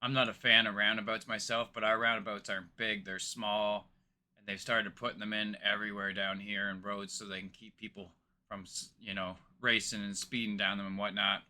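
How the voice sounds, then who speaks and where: A man's voice: on the low side, level tone, a little fast, bright, forceful tone. A man from Ontario, Canada, hosting a reaction video, talking casually and rambling with lots of hesitations. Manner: rambling, hesitant, many fillers. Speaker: reaction channel host.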